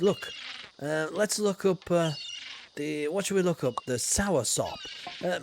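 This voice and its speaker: A man streaming a game live, talking as a theatrical, old-fashioned gentleman explorer and greeting chat viewers by name. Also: high-pitched, creaky, a little hiss or hum. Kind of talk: live game commentary in a role-play persona.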